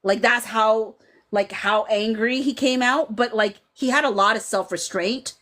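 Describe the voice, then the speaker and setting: A chatty woman in her thirties hosts a casual live stream and answers the chat as she goes. She talks in an animated way, padded with "like" and "you know," and slips into dramatic quotes from the scenes she is describing. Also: fairly high pitch, unhurried. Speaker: podcast host reading live chat.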